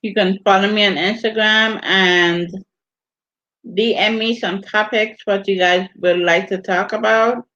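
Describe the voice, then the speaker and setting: A woman's voice: medium pitch, fairly even intonation, fairly bright tone. A woman from the Virgin Islands with a Virgin Islands accent, hosting a casual livestream and chatting while she reads viewer comments. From US Virgin Islands (St. Thomas). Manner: unhurried, drawn-out delivery while reading viewer comments. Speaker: livestream host. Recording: dull lo-fi stream audio.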